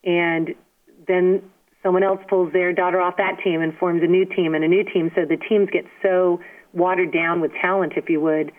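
A woman telling stories as a guest in an interview, speaking in an animated, emphatic way and often asking "you know what I mean?". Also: fairly low pitch, normal speed. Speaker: guest, former softball player. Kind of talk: storytelling interview. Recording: tinny phone line.

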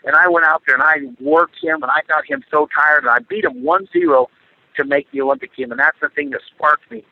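A man's voice: fairly high pitch, very animated, a little fast, gravelly. Earnest middle-aged man on a phone line. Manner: earnest, repetitive with many fillers. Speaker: interview guest, former Olympic wrestler. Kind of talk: casual interview talk. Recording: dry tinny phone line.

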